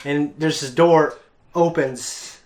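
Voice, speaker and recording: A young man hosting a reaction show, telling a long story in a casual, animated way with frequent laughs. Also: fairly high pitch, takes it slowly. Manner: animated, laughs often, acts out other voices.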